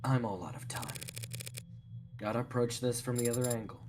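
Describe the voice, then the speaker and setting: A man's voice: mid-range voice, fairly quick, background noise, natural voice. A man voicing an impatient, sardonic male detective in a live fan voice acting of a visual novel, with blunt, swearing delivery. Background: game music.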